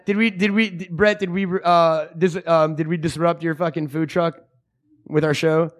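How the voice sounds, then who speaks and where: Man, slightly high voice, crude rambling jokes, live comedy show host. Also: flat delivery, normal speed. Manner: crude, joking, rambling with frequent swearing. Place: small theater with a live audience.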